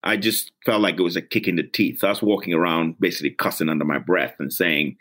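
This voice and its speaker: A fairly low-pitched man from Gambia talks openly about his life as an interview guest. He is blunt and earnest, and he reflects on himself as he goes. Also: fast talker, few pauses, a bit bright. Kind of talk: candid reflective interview talk.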